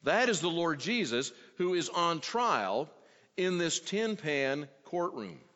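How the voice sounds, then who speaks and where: A preacher with a slightly high, lively voice delivers an expository sermon at a measured pace, acting out the quoted questions with shifting inflection. The audio is dull, with a long reverb from the hall.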